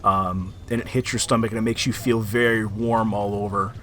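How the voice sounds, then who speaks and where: A man's voice: lowish voice, little pitch movement, normal speed, fairly bright tone, slight background noise. A man narrating as game master of a tabletop game, rambling with many ums and likes. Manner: rambling, filler-heavy narration.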